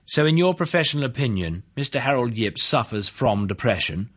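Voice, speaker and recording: A composed defense lawyer posing measured, formal questions, as a man puts him on. His voice is slightly raised and has a breathy rasp. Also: mid-range voice, very animated, a bit bright, pitched above the performer's own voice.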